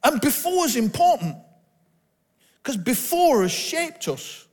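A man's voice: extremely high pitch, very animated, slow, in a large hall. A man with a northern English accent from Bolton, preaching a candid, conversational sermon with self-deprecating stories. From Bolton, England. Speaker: pastor.

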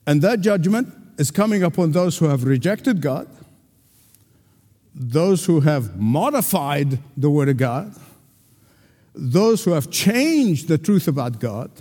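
A male pastor preaching a sermon with emphatic delivery and dramatic pauses. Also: a little high, sing-song, mellow. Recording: long hall reverb.

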